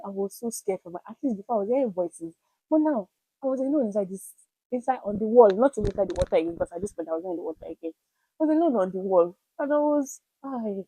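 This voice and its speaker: Young woman, vlog storytelling, animated, dramatic pauses, dry close sound. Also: medium pitch, husky, dry recording, low-quality recording. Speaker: vlogger. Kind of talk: casual storytelling to camera.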